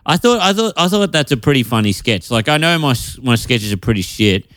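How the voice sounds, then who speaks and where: A man co-hosting a comedy podcast over a video call, rambling and stammering as he pitches a joke, often laughing at himself. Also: big pitch swings, brisk, a bit bright, no echo, studio quality. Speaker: podcast co-host. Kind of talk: casual comedy chat.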